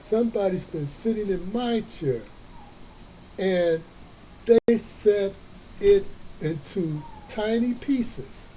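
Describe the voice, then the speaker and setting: Man doing a squeaky tiny bear cub. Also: animated, slow, pauses often, warm tone, a little hiss or hum, low-quality recording. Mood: whiny. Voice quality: squeaky, high.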